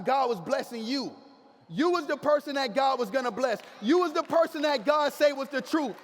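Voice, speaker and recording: A man giving an energetic, preachy motivational speech to a live crowd in a large hall, talking in slang and getting the audience to repeat after him. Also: very high voice. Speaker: motivational speaker. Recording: long hall reverb.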